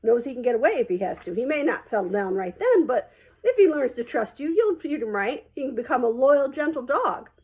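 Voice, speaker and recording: A woman reading aloud voices a tall, friendly male veterinarian who speaks in a calm, soft way. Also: high voice, a little fast, breathy edge, heavily acted. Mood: patient explaining.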